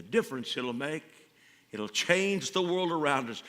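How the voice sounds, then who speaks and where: A man's voice: a little high, lively intonation, a little slow, a bit bright. Man, pastor, sermon, storytelling, fervent, long church reverb. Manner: storytelling, swelling to fervent calls. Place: church sanctuary.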